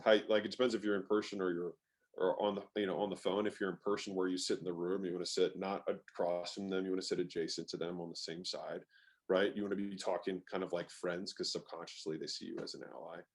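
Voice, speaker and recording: A man's voice: deep voice, little pitch movement, quick pace. A man speaking as an interview guest in a casual, emphatic way, swearing now and then and using lots of "like" fillers. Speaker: guest, sales expert.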